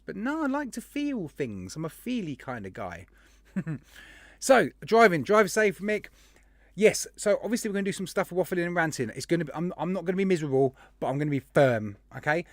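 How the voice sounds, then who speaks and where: Brief: chatty streamer, high and very animated, greets chat by name. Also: male voice, no room sound, studio quality. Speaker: livestream host. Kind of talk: casual livestream chat.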